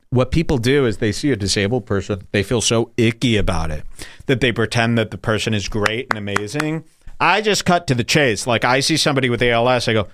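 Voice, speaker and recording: A man hosting a podcast, ranting crudely and mockingly, now and then jumping into high put-on voices. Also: a little fast, a bit bright, no room sound, clean studio sound. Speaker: podcast host. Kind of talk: crude comedic podcast rant.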